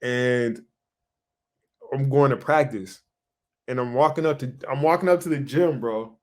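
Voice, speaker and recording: A young man co-hosting a podcast, telling a story in casual chat, animated and swearing freely as he acts out what he said back then. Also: medium pitch, a little slow. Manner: animated, swears a lot, acts out his own past lines. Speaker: podcast co-host.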